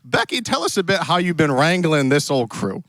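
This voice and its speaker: A man's voice: on the high side, big pitch swings, normal speed, fairly bright tone, no room sound. A man playing a hammy Old West cowboy host with a put-on Western drawl, joking his way through a live stream on a handheld mic. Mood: playful. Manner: playful, jokey, theatrical. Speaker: event host. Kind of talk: live stream hosting in character. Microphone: handheld stick mic.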